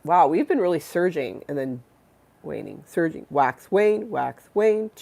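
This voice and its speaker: A woman's voice: sits low, very animated, a little slow, creaky, a little mellow. A congested woman hosting a live stream, rambling and giggly as she chats with viewers and reads the chat aloud. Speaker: livestream host.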